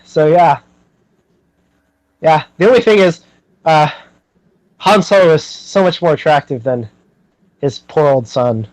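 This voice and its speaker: A man's voice: a little high, measured pace, pauses often, a little mellow, dry recording, poor audio. A young man hosting a podcast, chatting casually and animatedly, with lots of fillers and frequent laughter. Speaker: podcast host.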